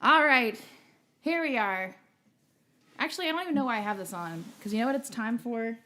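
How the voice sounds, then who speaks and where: A woman's voice: a little high, lively intonation, brisk, pushed and bright, a little hiss or hum. A woman hosting a livestream show, chatting casually in a rambling, self-mocking, joking way. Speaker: stream show host.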